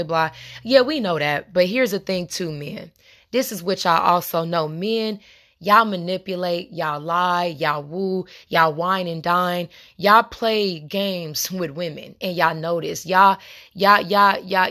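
A young adult woman talks in a slightly low voice, speaking her mind on a podcast. She is conversational and impassioned, calling her listeners y'all as she builds her points. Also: bright, forceful tone. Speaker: podcast host. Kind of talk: casual monologue.

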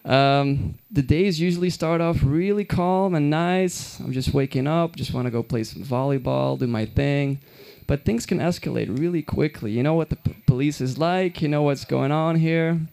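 A man's voice: on the high side, moderate pace, gravelly, few pauses, dark tone, clear, resonant tone. A young man from Belgium telling stand-up stories in a loose, rambling way with lots of fillers and restarts. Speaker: stand-up comedian. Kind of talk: stand-up comedy storytelling.

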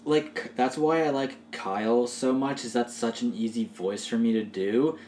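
A man co-hosting a podcast in casual chat, playful and quick to slip into little character voices. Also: medium pitch, fairly even intonation, darkish tone, slight background noise. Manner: chatty, laughing, quick to act out little quoted voices. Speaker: podcast co-host and game master. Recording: roomy echoey room.

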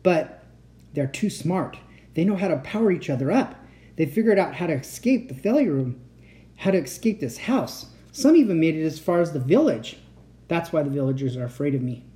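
A woman voicing an unstable male inventor uncle in a storybook reading, excitable and pleading, turning soft and menacing. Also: low-pitched, moderate pace. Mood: fearful. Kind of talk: storybook read-aloud.

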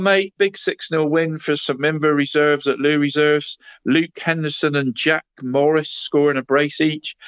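A man's voice: a little high, fairly bright tone, smooth, no echo. A man running through local football results in casual radio chat, adding "mate" to nearly every phrase. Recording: slightly muffled, dry studio sound.

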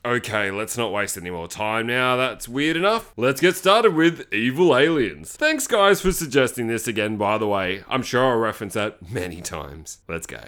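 A man's voice: medium pitch, lively intonation, normal speed, few pauses, fairly bright tone. A man hosting a podcast, casually recapping a bad movie with lots of swearing and jokey asides. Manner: sweary, jokey, acts out characters in goofy voices. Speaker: podcast host. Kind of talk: casual movie-review monologue.

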